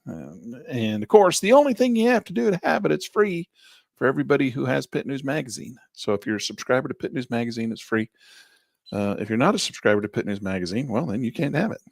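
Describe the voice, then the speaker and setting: Male trading instructor, gravelly, lively delivery, close dry mic. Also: medium pitch, fast talker, no room sound. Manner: chatty, animated, jumps between topics. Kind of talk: live online trading class.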